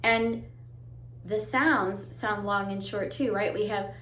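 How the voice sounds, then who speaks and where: Speaking slowly in a mid-range, somewhat bright voice, a woman addresses kids directly during a music lesson. Her encouraging, sing-song teaching sometimes bursts into songs and animal noises, and the room echoes.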